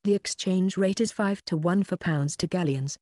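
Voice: mid-range voice, moderate pace, darkish tone, dry recording, lightly acted. Narrator voicing an elderly goblin clerk. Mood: businesslike. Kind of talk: audiobook character voice.

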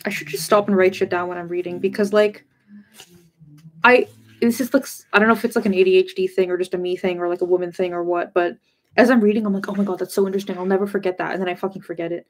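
A woman's voice: lowish voice, steady tone, fast. A woman hosting a casual livestream book discussion, rambling and chatty, full of filler words and casual swearing. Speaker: host of a book discussion channel.

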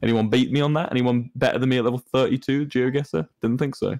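A man's voice: mid-range voice, fairly even intonation, fast talker, darkish tone, no echo. Rambling young British man, dry close mic. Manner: mischievous, rambling with many fillers. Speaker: streamer's guest co-host. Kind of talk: casual stream chat.

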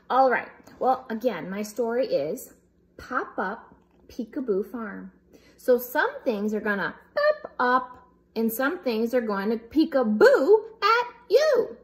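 Woman, high voice, slow and unhurried, storybook reading for kids, playful, animal sounds. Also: sing-song. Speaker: storybook reader. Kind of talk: reading a picture book aloud for children.

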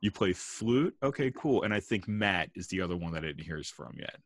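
Host: relaxed man with a lowish voice, dry video-call audio, casual friendly interviewer. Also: a little fast, no room sound. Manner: relaxed, friendly, jazz slang. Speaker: host, band director.

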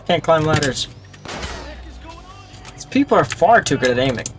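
A man's voice: fairly high pitch, very animated, moderate pace, faint music behind. Man casually commenting on his gameplay. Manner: chatty, talking to himself while playing. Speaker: gaming channel host. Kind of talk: casual let's-play commentary.

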